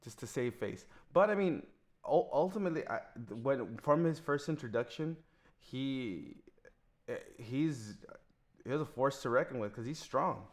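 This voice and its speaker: A man's voice: mid-range voice, animated. A man co-hosting a movie review podcast, talking casually with frequent restarts and fillers. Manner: halting, many restarts and fillers. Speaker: podcast co-host.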